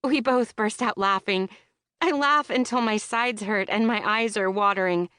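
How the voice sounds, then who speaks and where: A woman's voice: mid-range voice, normal speed, sharp tone, clean tone, no room sound, clean studio sound. A woman narrating a rom-com audiobook in the first person, with a wry, comic delivery, recorded in a booth.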